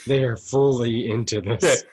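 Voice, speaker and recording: A man's voice: medium pitch, steady tone, unhurried, darkish tone, husky, no echo. A man co-hosting a podcast, dropping short dry quips into a casual chat. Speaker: podcast co-host.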